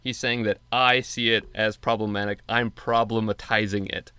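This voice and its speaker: A man's voice: on the low side, flat delivery, normal speed, pushed and bright, smooth, dry recording. A man co-hosting a podcast in casual chat, laid-back and patiently explaining things. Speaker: podcast co-host.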